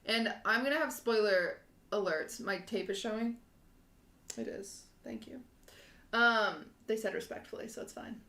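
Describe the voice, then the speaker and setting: A woman's voice: fairly high pitch, unhurried, pushed and bright. Woman co-host, twenties, rambling emotional storyteller, roomy echo. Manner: rambling, emotional, laughs often. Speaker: podcast co-host. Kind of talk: casual chat, animated storytelling. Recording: echoey room.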